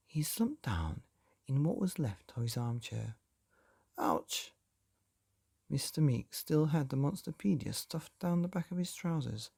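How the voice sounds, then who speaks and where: A man reading a children's bedtime story aloud with lively, expressive delivery. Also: medium pitch, gravelly, slightly rough, dry recording, studio quality.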